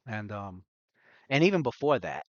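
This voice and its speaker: A man's voice: fairly low pitch, very animated, moderate pace, no room sound. Rambling game master man, dull lo-fi sound. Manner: rambling, laughing, many fillers and restarts. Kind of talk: narrating a tabletop game.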